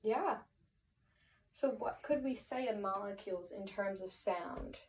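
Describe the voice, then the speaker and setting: A woman's voice: medium pitch, measured pace, distant mic, low-quality recording. A woman teaching a vocabulary lesson, encouraging and thinking aloud with many fillers and restarts.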